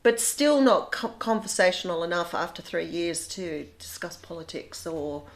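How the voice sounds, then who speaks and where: A middle-aged woman with an Australian accent chats away in a fairly low voice. She talks freely and often restarts her sentences as she goes. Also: animated, normal speed. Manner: chatty, repeats words when restarting. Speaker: guest, bed and breakfast owner. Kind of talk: casual chat.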